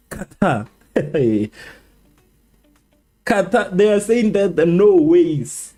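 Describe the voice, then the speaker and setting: A man's voice: high voice, very slow, pauses often, soft background music. A man hosting a live football watchalong stream, chatting casually and animatedly with his viewers, repeating himself and joking. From South Africa. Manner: animated, repetitive, joking with chat. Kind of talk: casual match watchalong commentary.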